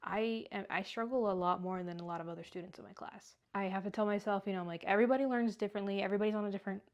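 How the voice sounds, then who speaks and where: A woman's voice: mid-range voice, steady tone, very fast. A young woman tells a story in a loose, rambling storytime manner. She keeps dropping "like" between her thoughts as she goes. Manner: rambling, heavy use of "like". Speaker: vlogger. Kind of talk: casual storytime.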